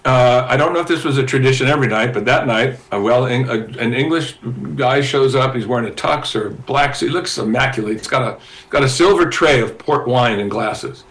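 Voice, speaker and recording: A man in a medium register tells a lively story as a podcast guest. He is animated and stumbles into restarts and fillers as he goes. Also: medium pitch, brisk, poor audio. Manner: animated storyteller, acting out quoted voices. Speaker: guest guitarist.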